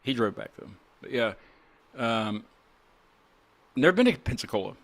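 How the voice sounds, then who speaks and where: A man's voice: mid-range voice, sing-song, moderate pace. Rambling, laughing man. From West Virginia. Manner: rambling, laughs often, swears casually. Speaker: podcast host. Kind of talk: casual chat.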